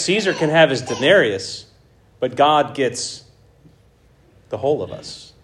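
A man preaching a conversational Bible teaching, who acts out the dialogue with animated asides. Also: a little high.

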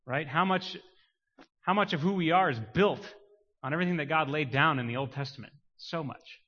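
A man preaching a sermon, swinging from quiet emphasis to loud, rising declarations. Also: a little high, brisk. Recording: muffled sound with long hall reverb.

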